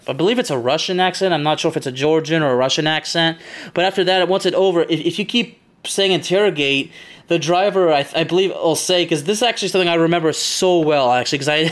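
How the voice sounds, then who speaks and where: Chatty man with a slightly high voice. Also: fairly bright tone. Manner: rambling, chatty, laughs often. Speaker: podcast host. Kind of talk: casual game recap from memory.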